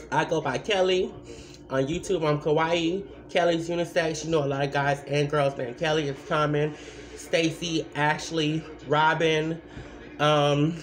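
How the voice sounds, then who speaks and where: A woman giving blunt, rambling advice in a casual vlog, full of asides and repeated points. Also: low voice. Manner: repeats points with many fillers.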